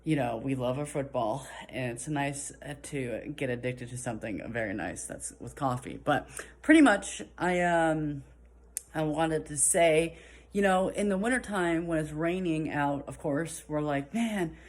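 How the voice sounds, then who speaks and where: A woman's voice: low-pitched, a little slow. A woman doing meandering amateur stand-up, full of fillers and self-conscious asides. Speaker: amateur comedian. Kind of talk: rambling stand-up. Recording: echoey room from a distant mic.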